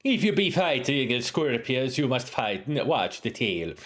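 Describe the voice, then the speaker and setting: A man's voice: medium pitch, sing-song, unhurried. A man voicing a proud spear-fighting warrior woman in broken English with a wandering put-on accent. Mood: warning. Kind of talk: reading game dialogue aloud in character.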